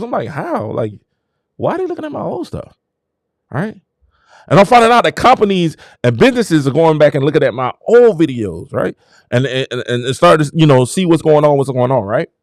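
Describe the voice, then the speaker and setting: High, animated preachy man. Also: no echo, studio quality. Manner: preachy, exclamatory, hypes himself up. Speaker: show host. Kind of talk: casual motivational monologue.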